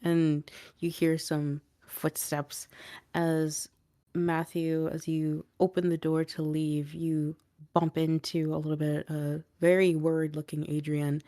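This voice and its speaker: A woman's voice: deep voice, little pitch movement, slow, mellow, dry recording, studio quality. A woman narrating a tabletop game as game master, describing scenes directly to the players.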